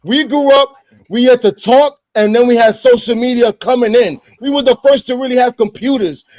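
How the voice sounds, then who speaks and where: A man's voice: very high-pitched, moderate pace, darkish tone, dry recording. A man on a discussion panel, arguing in a combative, profane way and repeating his points insistently. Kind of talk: heated panel debate.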